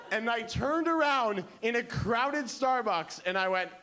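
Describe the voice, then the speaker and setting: A man's voice: extremely high pitch, unhurried, hardly any pauses. A man performing a stand-up comedy set, talking animatedly and acting out the voices in his stories. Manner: animated, acts out voices in quotes. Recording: live club recording with audience noise.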